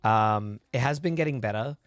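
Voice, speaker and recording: A livestream host in a dry, studio-quality recording chats ramblingly with viewers, answering their messages as he recovers from a chest infection and coughs occasionally. His mid-range voice keeps a moderate pace, with faint music behind it.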